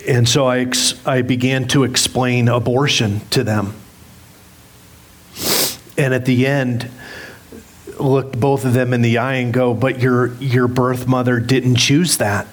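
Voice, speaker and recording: A man's voice: medium pitch, fairly even intonation, slow pace, pauses often. A middle-aged man preaching a sermon as pastor, candid and self-deprecating as he tells a story with humor. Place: church sanctuary.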